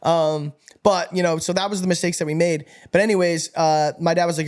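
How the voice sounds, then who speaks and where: A young man from upstate New York telling stories as a guest in a casual interview, energetic and animated, laughing and swearing freely. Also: fairly high pitch, fast talker, few pauses. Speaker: podcast guest.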